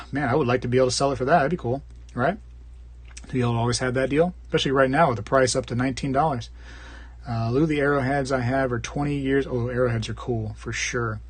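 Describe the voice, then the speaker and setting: A man hosting a live stream, casually rambling and joking as he reads viewer comments. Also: dry recording. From Florida. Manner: rambling, jokey, puts on squeaky voices for bits. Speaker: live stream host reading chat.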